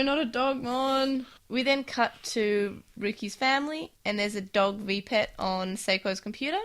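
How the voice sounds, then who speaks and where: A woman's voice: on the high side, fairly bright tone. A woman co-hosting a podcast, chatting casually as she summarizes a story. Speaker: podcast co-host. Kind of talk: casual chat recapping a cartoon.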